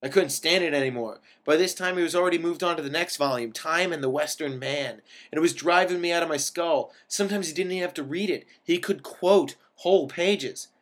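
A man reading a first-person story aloud, in a wry and expressive way that lifts into sudden emphatic bursts. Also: a little high, fairly quick, hardly any pauses. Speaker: reader of a story.

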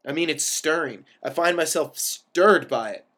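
A man's voice: fairly high pitch, a little slow, a bit bright. A man voicing a lonely, pompous man with an affected brogue and a histrionic way of talking. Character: lonely, pompous man who hoards his orange juice.

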